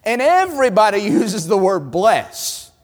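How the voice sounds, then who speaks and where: A man with a Southern US accent from North Carolina preaching a sermon as an evangelist, telling stories and swinging between loud lines and hushed ones. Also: high voice, big pitch swings, measured pace, big-room sound. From North Carolina, USA.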